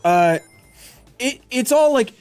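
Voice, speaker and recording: A man's voice: extremely high pitch, lively intonation, takes it slowly, a little mellow, smooth, soft background music. A man co-hosting a casual group chat over a game stream, rambling and laughing often as he repeats himself mid-thought. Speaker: co-host.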